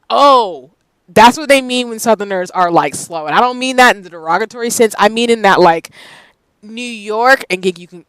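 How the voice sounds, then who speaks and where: Southern gal streaming, chatty, laughs a lot, lots of likes, dry close mic. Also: female voice, medium pitch, no room sound, poor audio. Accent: Southern US, light. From Southern United States, Tennessee. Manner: animated, laughs often, lots of "like" fillers. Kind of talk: casual chat with stream viewers.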